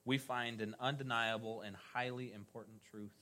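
A man delivers a sermon with a bright, forceful tone. He drives his phrases upward with emphasis, then lets the endings fall soft and low, steady in a mid-range pitch. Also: normal speed. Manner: emphatic preaching with rising, punchy phrases and soft trailing endings. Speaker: pastor.

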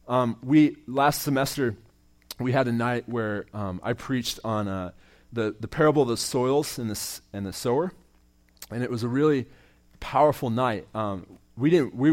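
With a medium pitch, a young campus minister preaches earnestly in the manner of a personal testimony. He keeps restarting with repeated words, and each sentence tends to soften at its close.

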